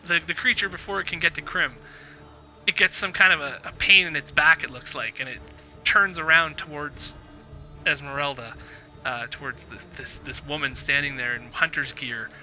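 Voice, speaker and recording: Game master, male, crisp bright tone, slightly high, halting and descriptive. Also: steady tone, dull audio, faint music behind. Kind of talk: narrating a tabletop game.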